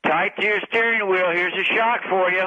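A man reading entertainment news on a radio show and chatting with the hosts in a wry, deadpan way. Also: sits high, normal speed, highs cut off. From Southern California. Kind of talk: casual radio chat. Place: radio studio.

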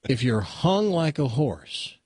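A man's voice: medium pitch, very animated, takes it slowly, darkish tone, husky, no echo, studio quality. A man hosting a radio talk show, telling a long joke in a chatty way with stammered restarts. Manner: chatty, stammering restarts, laughs at own punchlines.

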